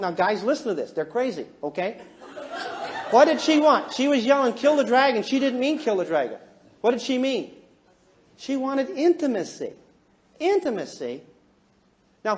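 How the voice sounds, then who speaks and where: A middle-aged man giving a counseling seminar, telling humorous, self-mocking stories about his marriage to a live audience. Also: very high-pitched. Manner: animated, jokey, self-mocking, swings from hushed to loud.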